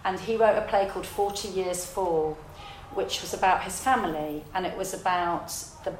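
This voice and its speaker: A woman's voice: lowish voice, normal speed, slight background noise. Reflective woman in a roomy space. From south London, England. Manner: reflective, animated storyteller. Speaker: theatre director. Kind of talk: casual interview conversation. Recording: roomy echo.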